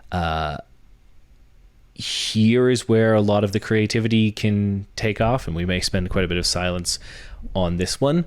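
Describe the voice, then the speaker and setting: A man's voice: fairly low pitch, unhurried, clean tone. A young man hosting a podcast, explaining a workshop step by step in a teacherly way, building each point from worked examples. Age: young adult. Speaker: podcast host.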